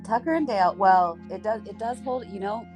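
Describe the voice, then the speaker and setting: A woman co-hosting a podcast, retelling film scenes in animated, laughing storytelling. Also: medium pitch, brisk, soft background music. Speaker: podcast co-host. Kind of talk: casual chat.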